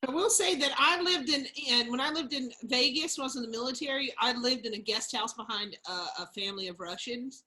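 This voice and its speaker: A woman's voice: a little high, brisk, few pauses, pushed and bright. A woman comedian telling a story in casual chat, chatty and a little hesitant, over a video call. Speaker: comedian guest.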